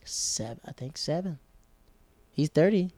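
A man's voice: on the high side, lively intonation, takes it slowly, dark tone. A man in casual chat as podcast co-host, rambling and chatty, often correcting himself.

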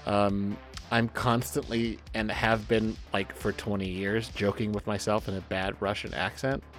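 A man co-hosting a podcast over a remote call, talking in a rambling, animated way with lots of fillers and swearing. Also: fairly low pitch, measured pace, soft background music. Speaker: podcast co-host and author. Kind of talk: casual podcast chat. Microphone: remote call recording.

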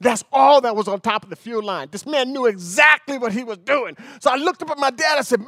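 A man preaching a sermon as an animated, rambling storyteller. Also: very high-pitched, brisk, few pauses, no echo, studio quality.

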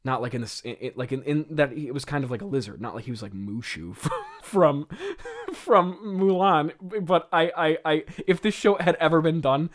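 A man's voice: fairly high pitch, expressive, normal speed. Male podcast host, casual and rambling, stammers through amused asides. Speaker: podcast host reviewing a script. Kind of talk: casual commentary.

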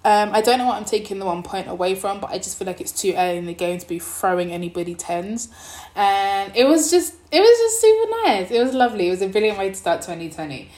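A young woman vlogging, telling a story in a casual, animated way and acting out the people in it. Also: medium pitch, fast, echoey room.

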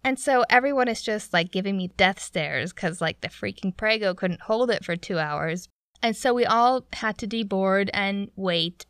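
A young woman from Canada telling a story in a chatty, animated way, with lots of "like". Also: medium pitch, normal speed, no echo, clean studio sound. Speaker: vlogger. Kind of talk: casual storytelling.

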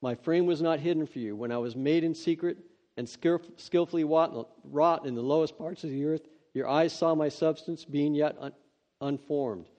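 A man preaching, reading scripture aloud and breaking off into earnest, excitable, conversational asides. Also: fairly high pitch, moderate pace. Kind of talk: devotional scripture reading with commentary. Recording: dull lo-fi sound.

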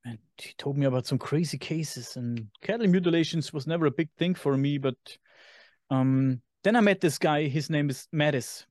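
A man with a German accent, co-hosting a podcast in casual chat and sometimes pausing to search for English words. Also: a little high, darkish tone, no echo, clean studio sound. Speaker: podcast co-host.

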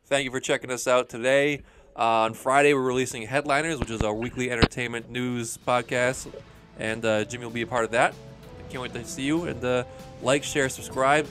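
A man's voice: mid-range voice, fairly even intonation, fairly quick, music in the background. A man hosting a podcast, chatting casually and joking as he wraps up the show. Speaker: podcast host.

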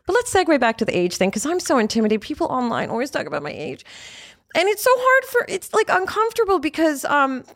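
A woman's voice: sits high, wildly swooping pitch, fast talker, fairly bright tone, dry recording, studio quality. A woman in her fifties hosting a podcast, talking frankly and animatedly, with frequent swearing. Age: 50s. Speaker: podcast host. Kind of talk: candid conversational chat.

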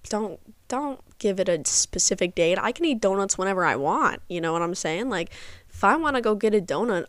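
A woman's voice: medium pitch, dry recording. Young female podcast host, sarcastic rambling rant, dry close mic. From Midwest of the United States. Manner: sarcastic, rambling, swears freely. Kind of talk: casual solo podcast rant.

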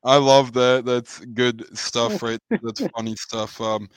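Man, podcast co-host, mid-pitched, upbeat, measured, casual sports chat, dry close mic. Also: fairly even intonation, smooth, dry recording. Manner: upbeat, measured, builds on his co-host's points.

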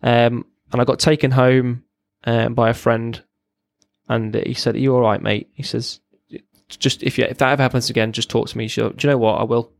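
Man, gravelly voice, quick blunt talk, dry close sound. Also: medium pitch, level tone, dry recording. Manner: raw, blunt, swears freely, restarts. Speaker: podcast guest, RAF veteran. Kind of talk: candid personal account.

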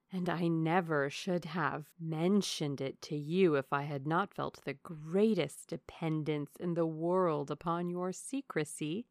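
A fawning young lady, put on by a woman reader, confides in a gushing, wheedling tone. Her voice sits low with a gravelly edge, recorded dry and close. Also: no room sound. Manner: gushing, falsely humble, wheedling.

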